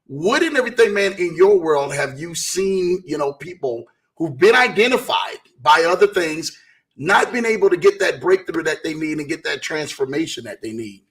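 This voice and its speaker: A man's voice: fairly high pitch, lively intonation, moderate pace, a bit bright. A man hosting an interview show, asking long rambling questions full of fillers and cheering his guest on. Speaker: podcast host. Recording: voice distant from mic.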